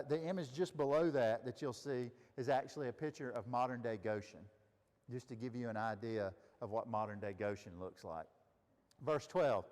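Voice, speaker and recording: A man's voice: medium pitch, a little mellow, in a large hall. A man leading a Bible study, teaching casually and asking the group questions. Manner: conversational, asks the group questions. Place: room with a group of listeners.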